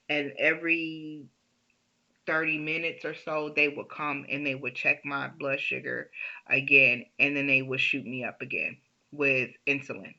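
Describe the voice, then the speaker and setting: A woman tells a personal story in a chatty, laughing way. She talks slowly with a bright, forceful tone. The recording is dull and lo-fi. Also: a bass voice, creaky. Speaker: storyteller, vlogger. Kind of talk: casual storytime.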